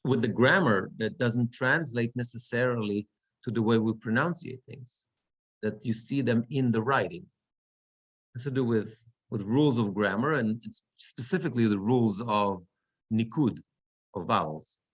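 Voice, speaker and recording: A middle-aged man, a cantor, teaching Torah reading in an online class over a video call, slow and halting with frequent restarts. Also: medium pitch, breathy edge.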